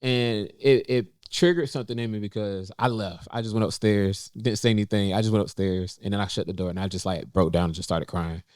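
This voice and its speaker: Recorded close and dry with no echo or room sound, a young man speaks in a low, smooth, resonant, slightly mellow voice. He's a podcast co-host from North Carolina, USA, sharing a personal story in a casual, heartfelt cafe conversation. His talk is halting, full of fillers and restarts, and his pitch lifts when he quotes himself.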